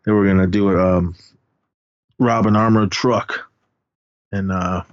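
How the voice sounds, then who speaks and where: A man's voice: low voice, steady tone, a little slow, dry recording. A man casually recapping a film on a podcast, rambling and acting out the characters' lines. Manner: rambling retelling with acted-out quotes. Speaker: podcast co-host. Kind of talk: casual movie recap chat. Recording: dull lo-fi audio.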